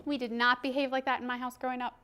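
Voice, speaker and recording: Lively woman trainer giving a workshop. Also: high-pitched, fast, slight background noise. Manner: animated, laughs often, acts out quoted voices. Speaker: parenting and behavior trainer. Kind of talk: workshop presentation.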